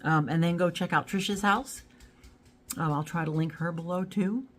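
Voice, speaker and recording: A woman's voice: lowish voice, normal speed. A middle-aged woman vlogger chatting casually to camera in a rambling way. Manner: rambling and chatty, talks to her dog. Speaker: YouTube haul vlogger.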